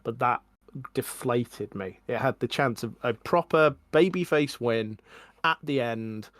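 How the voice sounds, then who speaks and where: A man in his forties co-hosting a podcast, chatting casually in a measured, reflective way. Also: medium pitch, fairly bright tone, no room sound, clean studio sound. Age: 40s. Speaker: podcast co-host. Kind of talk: casual chat.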